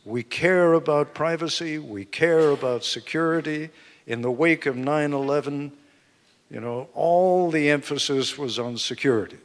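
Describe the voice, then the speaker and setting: A man, an author being interviewed at a live book event, explaining points in a measured, emphatic way. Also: a little high. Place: event hall with live audience. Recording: long hall reverb.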